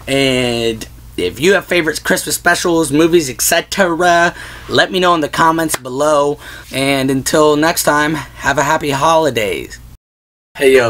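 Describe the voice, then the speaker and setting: A man's voice: mid-range voice, a bit bright, slight background noise. A man hosting a casual vlog, chatting about movies in a rambling way full of "like" and "whatnot.". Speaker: vlog host. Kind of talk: casual movie-list chat.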